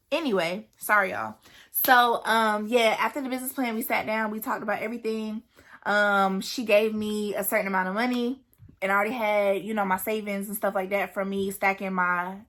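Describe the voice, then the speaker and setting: A woman's voice: medium pitch, bright, forceful tone. Young woman vlogger, casual chatty delivery, frequent asides to viewers. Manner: chatty, asides to viewers, scolds her dog. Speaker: vlogger and new business owner. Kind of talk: casual chat to camera.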